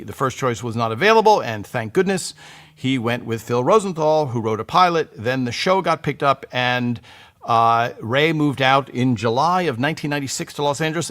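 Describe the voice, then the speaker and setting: Male live-stream host, mid pitch, chatty and meandering, talks into a desk mic. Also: a bit bright. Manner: rambling, chatty, many fillers and restarts. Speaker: livestream host. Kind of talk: casual live-stream chat.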